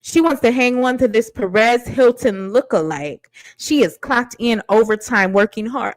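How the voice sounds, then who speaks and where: A woman's voice: a little high, normal speed, few pauses, dry recording, rough recording. A woman giving blunt, sassy commentary on a reality dating show, casual and mocking.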